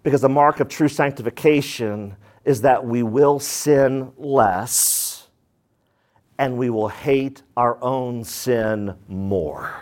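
A man preaching a sermon as pastor, animated, asking the congregation rhetorical questions and acting out quoted voices. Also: medium pitch, slow pace, few pauses.

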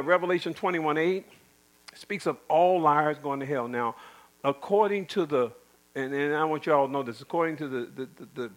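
A man's voice: a little high, a bit bright, low-quality recording. A middle-aged man preaching a sermon in an emphatic, repetitive way, with folksy asides.

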